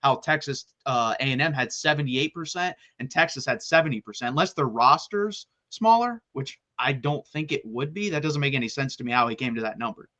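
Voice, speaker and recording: A man co-hosting a college football talk show, chatting casually in an excitable, rapid-fire way and often restarting his sentences. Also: mid-range voice. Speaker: college football podcast co-host. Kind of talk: casual sports chat.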